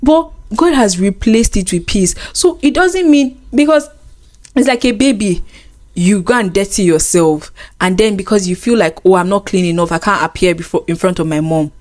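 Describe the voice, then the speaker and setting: A woman's voice: medium pitch, darkish tone. A woman co-hosting a casual faith chat, earnest and teasing. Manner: earnest, teasing, quick laughs. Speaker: co-host.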